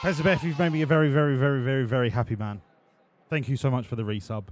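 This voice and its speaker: Sweary streamer, sarcastic banter. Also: male voice, mid-range voice, fairly even intonation, fast talker, noisy background. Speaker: game streamer. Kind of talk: casual live-stream commentary.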